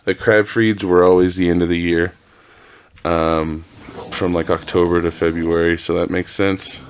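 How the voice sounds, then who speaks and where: Deep-voiced rambling profane man. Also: little pitch movement, measured pace, clear, resonant tone. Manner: rambling, profane, self-interrupting. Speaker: podcast host. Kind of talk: casual solo storytelling. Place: home with dogs.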